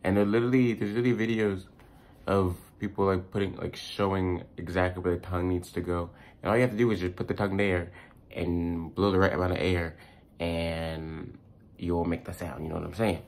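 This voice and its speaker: A young man from the United States talks casually to his viewers, his voice sitting very low. He rambles, restarts his sentences and leans on fillers as he shares tips. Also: steady tone, brisk, darkish tone. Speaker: language-learning YouTuber.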